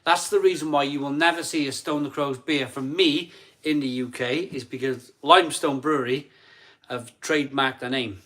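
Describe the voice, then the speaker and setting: A man's voice: mid-range voice, steady tone, moderate pace, fairly bright tone. A middle-aged man from England hosting a casual live stream, chatty and eager, often restarting his sentences. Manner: chatty, stumbling restarts, eager pleas for likes.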